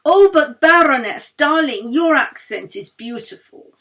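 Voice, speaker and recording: A tactful, caring woman who speaks to her friend with effusive tenderness, voiced by a woman reading. The voice rises high when she gushes. It is a storybook reading. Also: big pitch swings, moderate pace.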